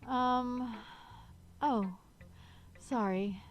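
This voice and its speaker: A woman's voice: fairly high pitch, fairly even intonation, extremely slow, soft background music, pitched above the performer's own voice. A woman voicing a shy, nervous teenage girl who talks hesitantly and apologizes often, while reading a visual novel aloud.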